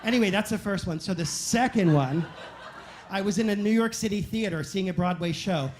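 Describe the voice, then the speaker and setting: A man telling animated, self-mocking stories as a stand-up comedian on a club stage. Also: high-pitched, a little hiss or hum. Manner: animated, self-mocking anecdotes with quick asides. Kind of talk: stand-up storytelling.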